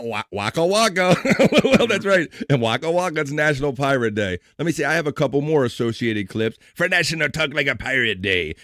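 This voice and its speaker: A man's voice: medium pitch, a bit bright, no echo, studio quality. A man hosting a casual live stream, reading out national day items in a playful, joking way and slipping into a mock pirate voice now and then. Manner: playful, jokey, slips into a pirate voice.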